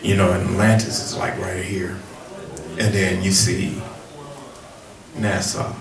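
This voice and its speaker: A man with a deep voice telling rambling, self-deprecating comic stories at a cafe open mic. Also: little pitch movement, slow, gravelly, long pauses. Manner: rambling, self-deprecating, laughs at his own jokes. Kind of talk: comic storytelling. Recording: roomy cafe, distant mic, crowd noise.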